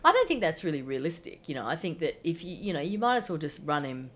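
A woman's voice: low voice, big pitch swings, quick pace. A woman with an Australian accent giving opinionated political commentary in casual chat, full of asides. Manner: chatty, opinionated, many asides.

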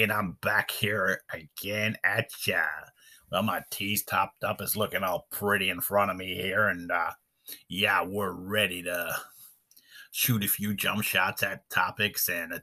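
A man's voice: sits low, gravelly, pushed and bright, slightly rough. A man hosting an unscripted podcast, rambling in a folksy way with lots of fillers. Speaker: podcast host. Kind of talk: casual unscripted podcast chat.

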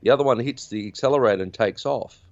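A man's voice: medium pitch, fast talker, darkish tone, dry recording, dull audio. A man hosting a podcast, recapping a film in a chatty, rambling way. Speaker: podcast host. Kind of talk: casual film recap chat.

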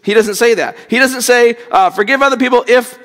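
Male pastor with a high voice, chatty sermon delivery, booming hall echo. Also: fairly quick, a bit bright. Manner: conversational, repeats words, acts out quotes.

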